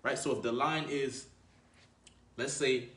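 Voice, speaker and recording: A man's voice: mid-range voice, fairly even intonation, slow, a bit bright, recorded from a distance. A man coaching viewers in a loose, conversational monologue, checking in with "right?" and calling the listener "bro". His voice sits back from the mic, and the room gives it a noticeable echo. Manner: conversational, frequent "right?" tag questions; slangy, addresses viewer as bro. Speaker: dating coach. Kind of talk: casual advice monologue. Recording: roomy, voice away from mic.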